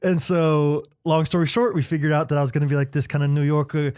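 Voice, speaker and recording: A young man co-hosting a casual podcast, telling a story in an animated way and laughing often. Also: fairly high pitch, fast, clear, resonant tone, no echo, clean studio sound. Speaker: podcast co-host. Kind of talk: casual chat.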